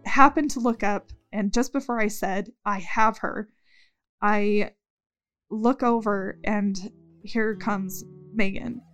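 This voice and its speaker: A woman telling her story in an interview, acting out what she said in the moment. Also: medium pitch. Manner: animated storytelling with quoted speech. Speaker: interviewee recounting events. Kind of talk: recorded interview recollection.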